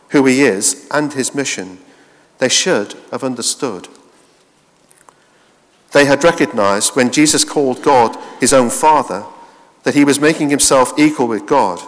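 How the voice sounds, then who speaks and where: A man preaching a steady expository sermon, with small restarts now and then. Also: mid-range voice. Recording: reverberant hall.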